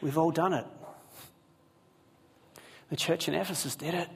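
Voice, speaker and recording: A man's voice: a little high, steady tone, a little slow, vocal fry. Man preaching, earnest, chatty asides, church hall, long reverb. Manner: earnest storytelling with asides to the congregation. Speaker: pastor. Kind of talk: sermon. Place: church hall with a live congregation.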